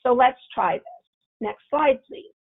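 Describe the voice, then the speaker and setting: A woman's voice: high-pitched, measured pace. A woman presenting a parenting webinar on a video call, coaching listeners and acting out angry self-talk as examples. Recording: tinny phone-line audio.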